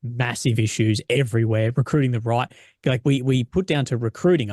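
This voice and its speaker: An Australian man hosting an interview, talking casually and haltingly with many fillers. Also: medium pitch, a little mellow, dry recording, clean studio sound. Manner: halting, with frequent fillers and restarts. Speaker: host, former infantry soldier.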